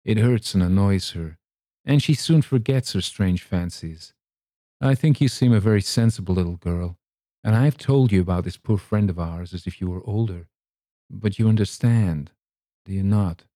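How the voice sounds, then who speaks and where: A man's voice: sits low, moderate pace, dark tone, dry recording, clean studio sound, close to an everyday voice. A man voicing a kindly, sensible woman cousin. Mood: reassuring.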